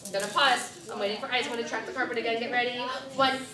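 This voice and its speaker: A woman teaching first graders to blend words, with clear, directive prompts and counting down. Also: a little high, fairly even intonation, fast talker, a crowd in the background. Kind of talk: classroom reading lesson. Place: classroom. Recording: echoey classroom from far off, children around.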